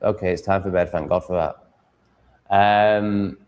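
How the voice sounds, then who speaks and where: Man, low voice, crude, mocking, rambling live-stream chat. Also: fairly even intonation, a little slow, darkish tone. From Sheffield, England. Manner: crude, mocking, swears freely.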